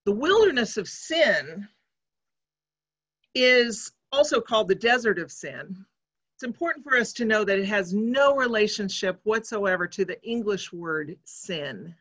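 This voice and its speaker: A woman preacher giving a sermon in a church, speaking in a measured, reflective way. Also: mid-range voice, fairly bright tone.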